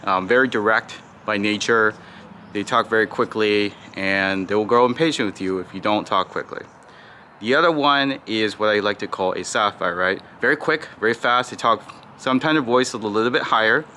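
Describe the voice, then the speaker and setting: A man coaching listeners on how to sound on sales calls, in a fairly low but bright, pushing voice. He talks in a mostly flat, unhurried way and keeps checking in with "right?". A faint hum of noise sits behind him. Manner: calls his own default voice flat and slow, demonstrates tones; frequent "right?" and "you know" fillers. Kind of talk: casual spoken tutorial.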